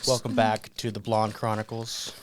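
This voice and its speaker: A woman co-hosting a podcast, chatting playfully and firing off quick questions and interjections. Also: a bass voice, level tone, slight background noise. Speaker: podcast co-host. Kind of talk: casual chat.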